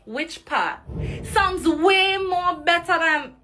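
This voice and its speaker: A woman from the Caribbean speaks slowly in a high, very lively and bright voice. She sounds frustrated as she explains herself in a social media clip. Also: faint music behind.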